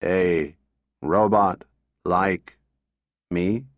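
A man doing a slow, toneless talking robot. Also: low voice, no echo, pitched below the performer's own voice. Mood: confused. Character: flat monotone talking exhibit robot. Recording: dull dry recording.

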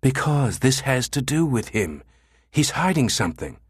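A man's voice: medium pitch, very animated, normal speed, slightly rough, dry recording, clean studio sound, voice pushed up. A man voicing a tense woman who talks in an urgent, insistent way.

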